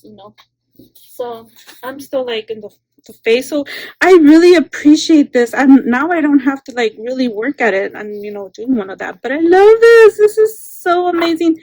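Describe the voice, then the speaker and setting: A high-pitched woman in casual unboxing chat, her voice mellow and warm rather than bright. She gushes over each item, thanks the sender again and again, and swings between loud excitement and soft asides. The sound is dry and close, with little room around it. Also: no echo. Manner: gushing, repeats exclamations, thanks the sender often. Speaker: craft channel host.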